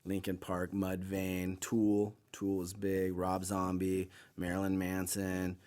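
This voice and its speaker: Deep-voiced man musing in casual chat. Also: completely flat delivery, slow, darkish tone. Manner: thoughtful, musing, lots of agreeing murmurs.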